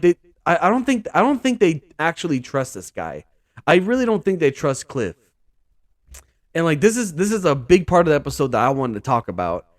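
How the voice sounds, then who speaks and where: Animated, chatty man ranting about football. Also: fairly high pitch, no echo, clean studio sound. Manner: animated, rambling, full of "dude" and "bro". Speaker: sports vlog host. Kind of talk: casual monologue.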